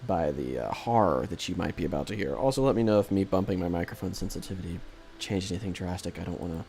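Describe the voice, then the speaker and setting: A man's voice: low-pitched, fast talker, gravelly, darkish tone. A man streaming a strategy game, chatting with viewers in a rambling, self-deprecating way with lots of hesitations into a desk microphone. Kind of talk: casual live-stream chat with viewers.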